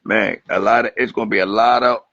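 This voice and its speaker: A man from Atlantic City, talking as a guest rapper in a casual interview, telling animated, profane stories. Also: fairly low pitch, fast talker, no room sound. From Atlantic City, New Jersey. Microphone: Instagram Live stream. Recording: lo-fi livestream audio.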